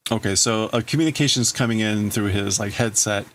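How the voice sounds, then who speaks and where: A man's voice: on the low side, a little fast, fairly bright tone, a little hiss or hum. A man hosting a livestream, casually translating a manga aloud and thinking through each wording as he goes. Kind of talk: casual live translation commentary.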